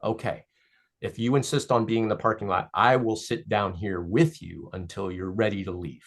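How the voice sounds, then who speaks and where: A man voicing a calm female spirit guide. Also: medium pitch, normal speed, lightly acted. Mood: gentle.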